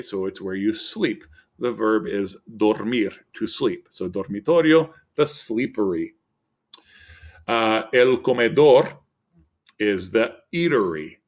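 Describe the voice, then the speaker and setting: Male teacher, lower register, upbeat explainer, reads vocabulary lists slowly for a recorded lesson. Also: animated. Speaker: Spanish teacher.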